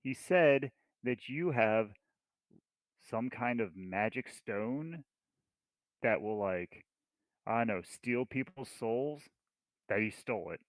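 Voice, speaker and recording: A man's voice: medium pitch, lively intonation, slow pace, pauses often, no room sound. A man voicing a small, bold female adventurer who bluffs her captors. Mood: cheeky. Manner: cheeky, bluffing.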